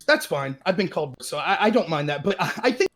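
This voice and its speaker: A man's voice: a little high, big pitch swings, fast talker, fairly bright tone. A man in his thirties calling in over a voice call with a cutting-out mic, hedging and apologetic as he argues. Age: 30s. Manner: hesitant, apologetic, hedging with "I feel". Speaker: caller. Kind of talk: casual political debate. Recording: call audio, mic gating.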